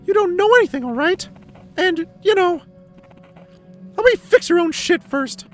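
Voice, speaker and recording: A man voicing an anxious, overachieving female student in a high put-on voice, reading game dialogue aloud. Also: moderate pace, soft background music. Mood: bitter.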